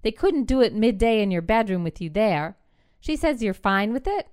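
A woman's voice: medium pitch, lively intonation, moderate pace, darkish tone, smooth, lightly acted. A woman voicing a frustrated grown daughter who presses her father with pointed questions, in a storybook reading. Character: young adult daughter, blunt and frustrated.

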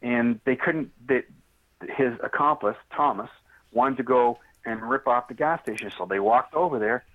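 Guy telling a story over the phone, mid voice, blunt and lively. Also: mid-range voice, moderate pace. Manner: animated, straightforward storyteller acting out dialogue. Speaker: interview guest. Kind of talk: storytelling in a podcast interview. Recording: tinny phone line.

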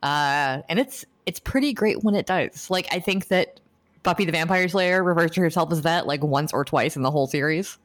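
A woman's voice: sits low, normal speed. A woman co-hosting a podcast, talking enthusiastically and rambling with many restarts. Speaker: podcast co-host. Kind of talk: casual podcast chat.

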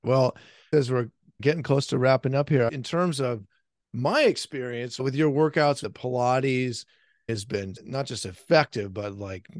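A man's voice: medium pitch, measured pace, dry recording, clean studio sound. A man hosting an interview, agreeable and encouraging, with many short affirmations. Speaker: podcast host. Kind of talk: casual interview chat.

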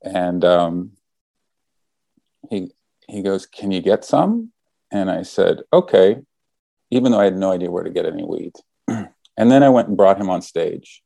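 Low, dark-voiced man telling a story. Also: moderate pace, vocal fry, pauses often, dry recording. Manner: animated storyteller acting out quoted lines. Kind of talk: casual storytelling.

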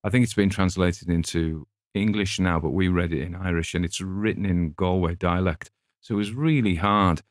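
A middle-aged man with a very low voice, chatting casually about a story and drifting into personal anecdotes. He talks in a discursive way, with small chuckles along the way. The sound is close and dry, with no room around it. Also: normal speed, no room sound. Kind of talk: casual rambling book chat.

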